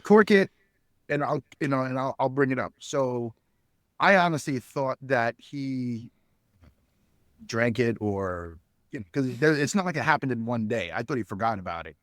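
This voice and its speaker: A man's voice: mid-range voice, normal speed, a bit bright, no room sound, studio quality. A middle-aged man, a podcast guest, telling a long anecdote casually, full of fillers and restarts and acting out the people he quotes. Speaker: podcast guest, spirits company founder. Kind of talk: casual storytelling interview.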